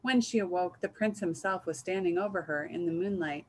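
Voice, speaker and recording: A woman reading a picture book aloud in a gentle, measured storytelling manner. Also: fairly low pitch, poor audio. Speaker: reader.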